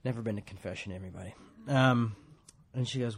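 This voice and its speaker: A man's voice: on the low side, fast, vocal fry, slightly rough. A man preaching a casual, rambling sermon in a church, joking at his own expense and laughing often. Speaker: pastor.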